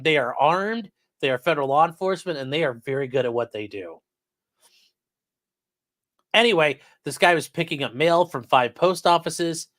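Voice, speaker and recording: A man's voice: a little high, fairly bright tone, dry recording. Sarcastic man talking to his chat. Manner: sarcastic, talks straight to chat, swears. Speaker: streamer discussing court cases. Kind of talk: casual livestream commentary.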